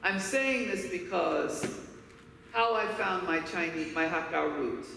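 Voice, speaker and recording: A woman's voice: on the low side, takes it slowly, creaky, fairly bright tone, slight background noise. A woman from Harlem giving a keynote speech, telling personal stories in an emphatic, candid way. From Harlem, New York. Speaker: keynote speaker. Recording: echoey hall, voice from far off.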